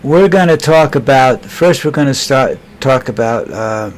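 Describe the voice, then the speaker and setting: A man talks straight to the camera in a loose, rambling vlog, mid-pitched and unpolished. He keeps circling back, restarting phrases and stacking up fillers. Under it runs a steady note of sarcasm and scorn for whoever he is talking about. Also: unhurried. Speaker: political commentary vlogger. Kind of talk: casual rambling political commentary.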